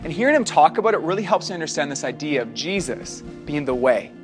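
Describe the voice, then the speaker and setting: A man presenting a scripted video lesson in a clear, explanatory way. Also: on the high side, big pitch swings, quick pace, soft background music.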